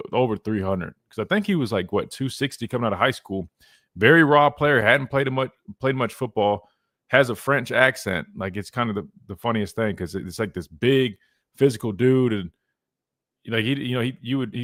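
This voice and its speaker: A man's voice: medium pitch, a bit bright, no echo, clean studio sound. A man in his thirties hosting a sports talk radio show, rambling casually and tossing in "man" a lot. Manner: laid-back, rambling, lots of "man". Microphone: studio mic.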